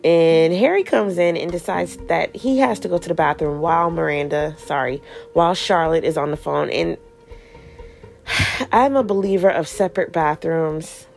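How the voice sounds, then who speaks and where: Chatty woman recapping a show, kinda low and gravelly, swears a lot, acts out the lines. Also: moderate pace, faint music behind. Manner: chatty, slangy, swears freely; retells scenes acting out characters' lines. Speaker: podcast host recapping a TV show. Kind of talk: casual chat recap.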